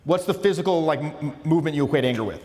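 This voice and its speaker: A man's voice: on the high side, animated, very fast, a little mellow. A man coaching social skills in a casual lecture, emphatic and informal, often restarting his phrases. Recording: long reverberant room sound.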